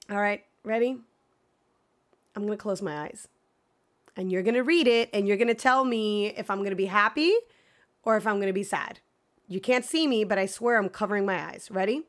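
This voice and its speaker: A woman streaming a video game, chatting casually with viewers and swinging between excited gasps and mock dread. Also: mid-range voice, moderate pace. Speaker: gaming streamer. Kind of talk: casual live gameplay chat.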